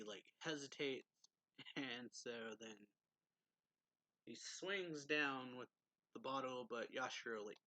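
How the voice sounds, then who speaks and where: A man with a bright, forward voice talks through a manga chapter in a loose, rambling recap. He leans on "like" and "um" constantly and retells the scenes casually. The sound is close and dry, with no room around it. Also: medium pitch, dry recording. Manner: loose and chatty, heavy use of "like" and "um", quick laughs. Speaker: manga reviewer. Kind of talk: casual plot recap review.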